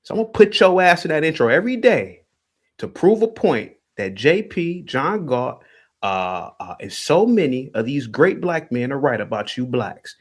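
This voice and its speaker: A man's voice: medium pitch, sing-song, normal speed. A man hosting a livestream, ranting heatedly and taunting a caller with repeated jabs. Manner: taunting, repetitive, calls out a caller. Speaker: livestream host.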